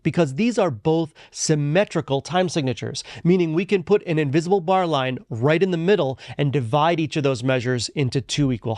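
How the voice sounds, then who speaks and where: A man's voice: fairly high pitch, a little mellow, dry recording, studio quality. A man teaching a music lesson, explaining things methodically and step by step. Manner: methodical explaining, chants rhythm syllables. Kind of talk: instructional video lesson.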